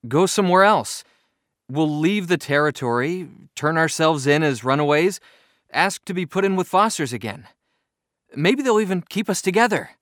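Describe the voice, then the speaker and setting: A man's voice: a little high, expressive, moderate pace, a bit bright, no echo, clean studio sound, voice pushed up. A man voicing a determined runaway boy who leads his friend and speaks firmly and urgently in a storybook reading.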